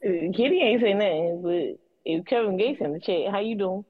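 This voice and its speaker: A woman's voice: medium pitch, narrow, tinny audio. A woman co-hosting a casual podcast chat, giggly and easygoing. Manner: giggly, slow-talking. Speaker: podcast co-host.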